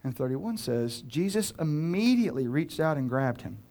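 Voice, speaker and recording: A man preaching a sermon as a pastor, earnest and direct, swinging between loud urgent pleading and hushed, slow emphasis. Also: fairly high pitch, big pitch swings. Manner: earnest, direct address to listeners.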